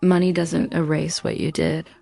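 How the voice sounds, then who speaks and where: Woman reading as a tired, blunt diner waitress, low flat voice, gravelly, husky, steady delivery. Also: moderate pace, soft background music, exaggerated voice.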